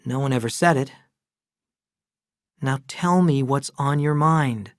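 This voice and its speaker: A man doing a calm, steady brother. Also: mid-range voice, takes it slowly, dry recording, studio quality, close to an everyday voice.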